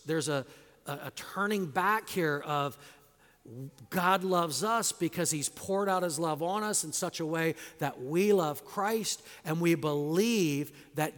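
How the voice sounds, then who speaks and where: A slow, deliberate male pastor with a slightly high voice, leaning hard on key words and then sinking to hushed, low phrase endings. His sermon rings through a hall with a long reverb tail. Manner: emphatic, swings between loud stresses and quiet low endings. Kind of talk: expository sermon.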